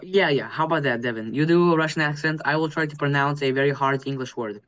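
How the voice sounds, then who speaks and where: A man's voice: fairly high pitch, fast talker, fairly bright tone. A man co-hosting a podcast in casual chat, teasing and joking, repeating words as he thinks. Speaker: podcast co-host. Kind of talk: casual group chat over a call. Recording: dull lo-fi audio.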